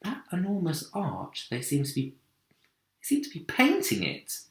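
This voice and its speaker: A small eager boy speaks in a high, hushed, urgent voice, as a man reading a storybook puts him on. His pitch leaps lively, and the room rings. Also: slow pace, exaggerated voice. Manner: hushed, urgent half-whisper. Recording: roomy echo.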